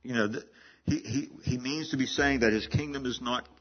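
A man's voice: medium pitch, fairly even intonation, normal speed, slightly rough. A man preaching an expository sermon in a conversational teaching manner, often restarting and repeating words mid-sentence. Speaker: pastor. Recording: muffled lo-fi sermon recording.

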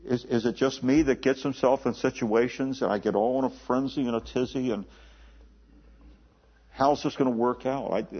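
A man preaching a sermon in a conversational way, often repeating words and slowing down to stress the scripture he quotes. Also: mid-range voice, husky. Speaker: pastor. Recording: dull lo-fi recording.

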